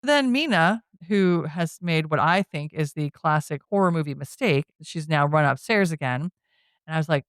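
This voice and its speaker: A woman's voice: deep voice, lively intonation, moderate pace, no echo. Chatty woman recapping a film, dry. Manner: chatty storytelling, with frequent "you know" and "like". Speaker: podcast host. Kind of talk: casual movie recap.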